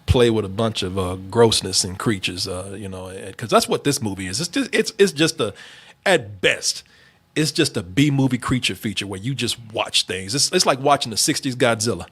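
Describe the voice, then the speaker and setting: A man's voice: fairly low pitch, expressive, normal speed, fairly bright tone, slightly rough. A man hosting a casual movie review chat, talking loosely with lots of laughs, fillers and restarts. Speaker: movie review show host.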